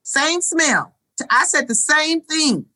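A woman co-host with a bright voice and a slow, deliberate delivery. She speaks earnestly and leans hard on the words that matter. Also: high-pitched, lively intonation, low-quality recording. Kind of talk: casual chat.

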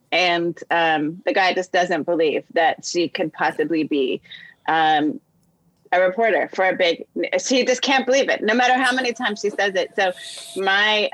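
A woman guest on a discussion show, telling a personal story with animated quoted voices. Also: fairly low pitch, dry recording, low-quality recording. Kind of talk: storytelling in conversation.

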